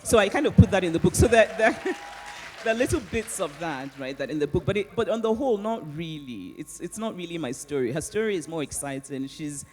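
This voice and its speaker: A woman, an author, answering audience questions on stage in an animated way, often laughing and restarting her sentences. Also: on the low side, brisk, hardly any pauses, slight background noise. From Nigeria. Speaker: author guest at a book festival. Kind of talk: onstage conversation and audience Q&A.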